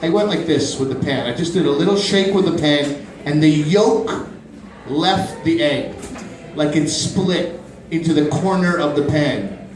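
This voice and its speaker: A man in his thirties doing a stand-up comedy set in a small club, animated and quick to jump into high-pitched voices for his bits. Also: slight background noise. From Pakistani family, grew up in Canada. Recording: roomy club from a distant mic.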